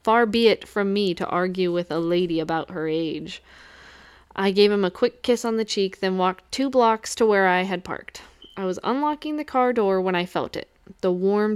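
A woman's voice: medium pitch, normal speed, clean tone. A woman reading a first-person novel aloud, with wry, lightly amused narration. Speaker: audiobook reader.

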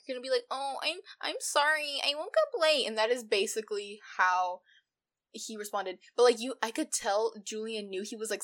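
Young woman, podcast co-host, heated casual chat, swears a lot. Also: mid-range voice. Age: young adult. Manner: heated, swears freely, quick indignant rants.

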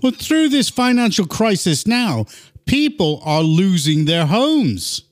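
A man hosting a political chat, his voice pitched a little high. He sounds earnest and indignant as he steers the talk. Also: big pitch swings, takes it slowly. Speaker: host.

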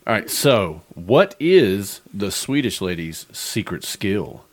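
A man's voice: on the low side, sing-song, slow pace. A man co-hosting a casual interview, asking questions and joking playfully. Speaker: co-host interviewer.

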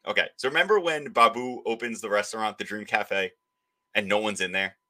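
A man hosting a podcast, talking in a lowish, forceful, bright voice. He rants with heavy emphasis and keeps jumping into mocking impressions to make his points. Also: fairly quick. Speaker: podcast host. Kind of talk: opinionated political podcast talk.

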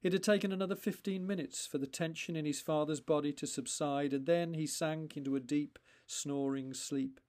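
Male author-narrator; deliberate, paused storytelling with a somewhat high voice. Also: fairly even intonation, darkish tone. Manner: slow, deliberate, with pauses between phrases. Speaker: author reading his own story.

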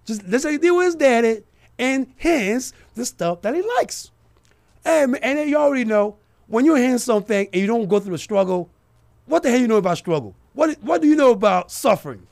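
A talk radio host with an extremely high, darkish, creaky voice speaks briskly with lively intonation. He delivers heated political commentary, calling out directly to his listeners with emphatic force.

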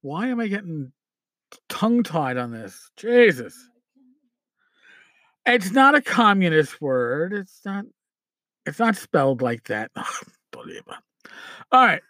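A man's voice: high-pitched, sing-song, takes it slowly, long pauses, sharp tone, no echo. A man hosting a podcast in casual chat, rambling and irreverent with asides and profanity, who sometimes stumbles over words as he reads aloud. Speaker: podcast host.

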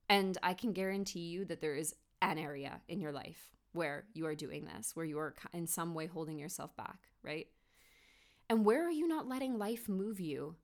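A woman's voice: lowish voice, normal speed. A woman hosting a solo motivational podcast from her home office, speaking earnestly and encouragingly, with many rhetorical questions. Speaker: podcast host.

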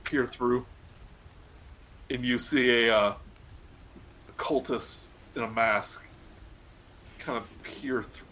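A man narrating a tabletop game as game master, casual and halting, with fillers. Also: medium pitch, fairly even intonation, pushed and bright, low-quality recording.

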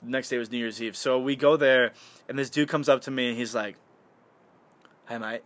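A young man from the United States tells a rambling story to a friend. He keeps it loose and animated, full of swearing and "like" and "dude." His voice sits at an ordinary middle pitch for a man. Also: fast talker. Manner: animated, swears freely, many fillers like "like" and "dude". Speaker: podcast guest. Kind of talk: casual storytelling.

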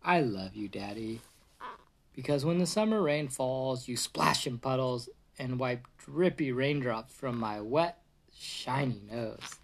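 Speaking at a medium pitch with a creaky quality, a dad greets his viewers with a brief, cheerful hello. He then reads a picture book to his toddler in a soft storybook manner.

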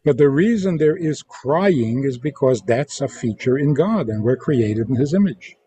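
A man who is a religious teacher, answering interview questions in a deliberate way and acting out quoted lines in different tones. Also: medium pitch, animated, mellow, dull audio. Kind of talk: interview guest explaining teachings.

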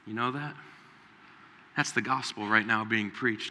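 Preacher guy giving a sermon, super bright forceful voice, big echoey hall, acts out the bible people. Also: mid-range voice, normal speed, long pauses. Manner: animated, acts out Bible figures in raised voice. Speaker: pastor. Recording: reverberant hall.

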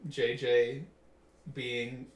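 A man on a casual podcast who explains plot points in an easygoing, relaxed way. He is recorded from a distance, with noticeable room echo. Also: mid-range voice, drawn-out words. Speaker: podcast co-host. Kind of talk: casual chat. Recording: echoey room, far from mic.

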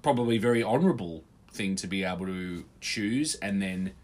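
A man's voice: sits low, animated, moderate pace, a little mellow. A man in casual podcast chat, laid-back and swearing freely as he acts out quoted lines.

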